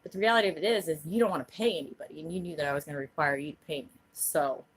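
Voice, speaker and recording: A woman's voice: low-pitched, racing, breathy edge. Swearing, fired-up woman ranting. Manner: blunt, heavy swearing. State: angry, agitated. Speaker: channel host. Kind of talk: angry live-stream rant.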